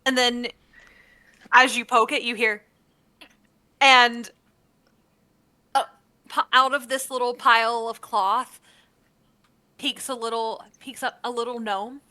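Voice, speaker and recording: Bright, high-voiced woman running a game. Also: fairly even intonation. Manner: brisk narration with fillers and self-corrections. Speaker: dungeon master. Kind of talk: narrating a tabletop game.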